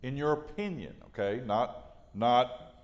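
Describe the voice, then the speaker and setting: Male interviewer, mid-pitched, fumbling through his question, long reverb. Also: expressive. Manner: halting, rephrases mid-question.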